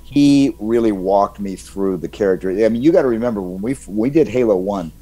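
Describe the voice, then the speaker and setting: A man's voice: fairly low pitch, animated, a little fast, mellow, husky. An older man, a guest voice actor in a casual interview, talking reflectively with chuckles and many restarts.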